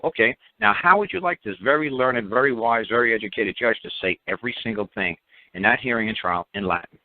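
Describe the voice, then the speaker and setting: A man hosting a radio talk show, blunt and animated, mocking others in put-on quotes. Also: lowish voice, fast. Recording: tinny phone-like dry audio.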